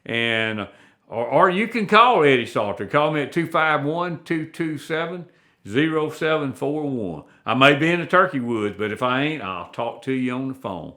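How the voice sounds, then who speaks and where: A man's voice: medium pitch, animated, normal speed, bright, forceful tone. A man, a veteran hunter telling stories in a plainspoken, folksy way with rural phrasing. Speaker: guest, veteran turkey hunter. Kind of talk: folksy storytelling.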